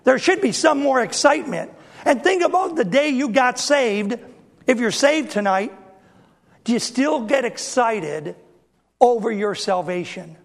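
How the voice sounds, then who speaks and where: A middle-aged pastor preaching in a notably high voice. He tells personal stories, acts out the people in them, and swings from quiet asides into loud, fervent emphasis. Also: expressive, a little slow, pauses often. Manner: storytelling, acts out family dialogue, bursts into loud emphasis. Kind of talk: sermon.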